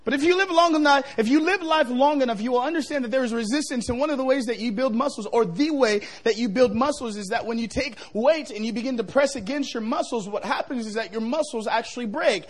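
A middle-aged male pastor preaching a revival sermon, joking with the crowd and building to shouts. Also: very high-pitched, fast, hardly any pauses.

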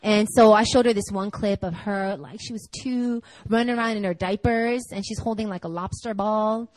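A young adult woman preaching a conversational sermon, telling stories in a chatty, animated way full of "like" and laughter. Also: medium pitch, moderate pace, no echo, poor audio.

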